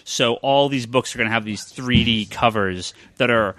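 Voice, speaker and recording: A man hosting a casual podcast chat, talking shop as a comic book retailer and rambling with lots of filler pauses. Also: mid-range voice, a bit bright, dry recording.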